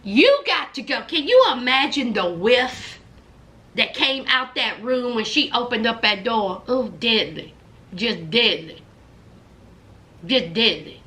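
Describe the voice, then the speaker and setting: A woman's voice: fairly high pitch, slow, sharp tone. A woman hosting her own channel, recapping a reality show in casual commentary, talking straight to her viewers and drawing out her exclamations. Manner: dramatic, exclaiming and drawing out words.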